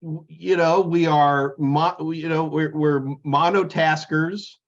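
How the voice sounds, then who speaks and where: A man's voice: on the high side, fairly even intonation, slow, muffled recording. A man co-hosting a podcast in casual chat, telling jokey, rambling stories. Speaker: podcast co-host.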